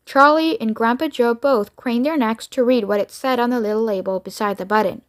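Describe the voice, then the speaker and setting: Woman, read-aloud narration, children's storybook, steady, fairly high voice. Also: fairly quick. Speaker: reader.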